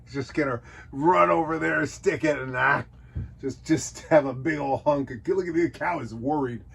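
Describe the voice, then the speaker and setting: A man's voice: a little high, normal speed, gravelly, a bit bright, a little hiss or hum. A man hosting a nostalgia show, joking his way through old children's books and sometimes putting on silly voices. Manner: jokey, puts on silly character voices. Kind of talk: casual comedic commentary.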